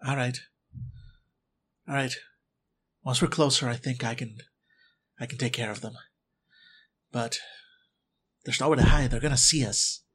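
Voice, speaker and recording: A man voicing a calm, determined female teacher who speaks quietly and steadily. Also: mid-range voice, unhurried, pauses often, slightly rough.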